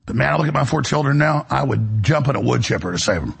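A middle-aged male radio host with a gravelly, raspy voice, delivering a preachy, impassioned monologue and acting out the voices he quotes. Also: mid-range voice, lively intonation, fast.

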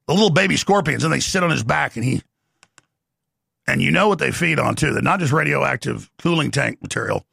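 A man hosting a talk show, delivering an excitable rapid-fire ranting monologue with frequent shouting. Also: a little high, gravelly, husky, no room sound, clean studio sound.

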